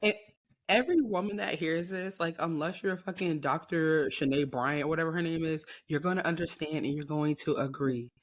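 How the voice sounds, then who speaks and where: Young woman co-host, low-pitched voice, candid and profane, relaxed chat. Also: moderate pace. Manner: candid, frank and profane, with lots of short backchannel replies. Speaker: podcast co-host. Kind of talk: casual chat.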